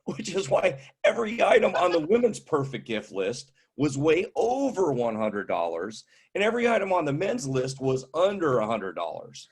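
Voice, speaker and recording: Husky fifty-something stand-up comic. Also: male voice, a little high, normal speed, hardly any pauses. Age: 50s. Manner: wry, deadpan setups. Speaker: stand-up comedian. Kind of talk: stand-up comedy.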